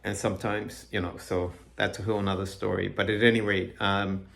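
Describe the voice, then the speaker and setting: A middle-aged man giving a personal religious testimony, earnest and halting, with frequent restarts. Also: on the low side, level tone, creaky, fairly bright tone. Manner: reads scripture aloud. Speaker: Christian speaker giving his testimony. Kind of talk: personal testimony, reflective talk.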